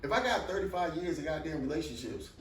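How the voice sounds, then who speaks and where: As a guest on his son's podcast, this middle-aged father spins animated stories in casual chat, blunt and full of profanity, his voice slightly high and his pace quick. The mic sounds distant, with a roomy echo and faint background noise.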